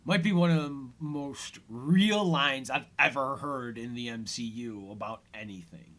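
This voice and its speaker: A man's voice: medium pitch, a little slow, a bit bright. A man hosting a casual commentary podcast, retelling an episode with lots of fillers and quoted lines. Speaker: podcast host.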